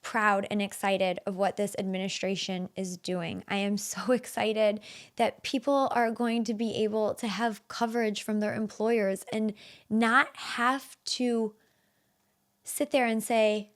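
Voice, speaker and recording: A woman's voice: medium pitch, little pitch movement, measured pace. A woman in her thirties hosting a solo podcast, talking in an earnest, emotional way with many fillers and restarts. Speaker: podcast host.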